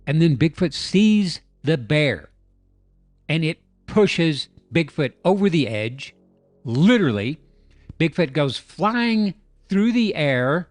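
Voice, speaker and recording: A man hosts a comedic video breakdown and narrates the clip with playful, joking asides. His voice sits fairly high for a man. The recording is dry and close, with faint music underneath. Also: expressive, a little slow, dry recording. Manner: jokey, playful storytelling. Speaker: YouTube host.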